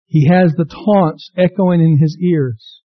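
Male pastor, high voice, impassioned sermon delivery, muffled dry recording. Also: takes it slowly, dry recording. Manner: impassioned preaching, rising to cries; reads scripture aloud to the congregation.

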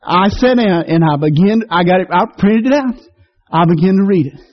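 A man's voice: expressive, moderate pace. A middle-aged man, preaching a sermon in a folksy, fervent way, his voice leaping upward when stirred. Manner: folksy, fervent preaching with sudden rises in pitch. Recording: dull lo-fi radio broadcast.

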